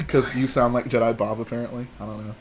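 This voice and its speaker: A man's voice: mid-range voice, little pitch movement, slight background noise. Joking young man on a livestream. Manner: joking, playful, quick asides. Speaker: livestream co-host. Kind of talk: casual chat on a livestream.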